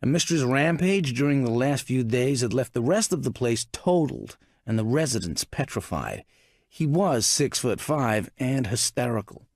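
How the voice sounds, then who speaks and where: Lively, dry-sounding audiobook narrator, male. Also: mid-range voice, normal speed, dry recording. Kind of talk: scripted narration.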